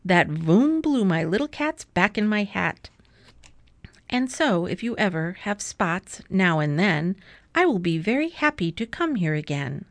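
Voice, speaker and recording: A woman voicing a big, boastful male cat in a hat, reading from a storybook in a slow, showy, bossy way. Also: mid-range voice, very animated, no echo. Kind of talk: storybook read-aloud.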